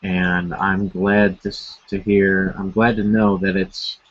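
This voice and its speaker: A man from Buffalo co-hosting a sports podcast, speaking haltingly about his home city's teams. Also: low voice, flat delivery, dull audio. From Buffalo, New York. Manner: halting, with many fillers and restarts. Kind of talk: casual sports chat.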